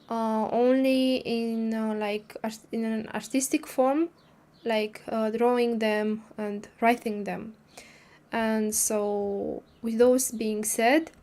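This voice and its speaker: A woman's voice: on the high side, a little mellow. A woman hosting a casual livestream, talking hesitantly with many fillers and restarts while recovering from a cold. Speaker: livestream host. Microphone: streaming microphone.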